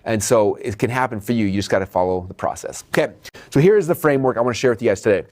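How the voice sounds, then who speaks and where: Fast-talking upbeat male business coach. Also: on the low side. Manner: energetic, direct, checks in with "okay?"; addresses viewers as "you guys". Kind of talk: motivational video training.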